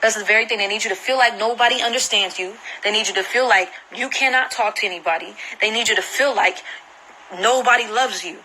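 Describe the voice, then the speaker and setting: Earnest bright-voiced woman telling her story. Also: a little high, a little fast, slight background noise, low-quality recording. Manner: earnest, repeats herself for emphasis. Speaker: vlogger. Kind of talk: emotional personal account to camera. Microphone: phone screen recording.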